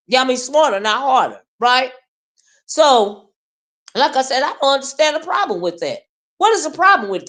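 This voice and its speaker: A woman with a Southern US accent giving sassy, confrontational commentary straight to camera, punctuating her points with "okay?" and "right?". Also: fairly high pitch. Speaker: YouTube commentary host. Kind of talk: casual ranting commentary.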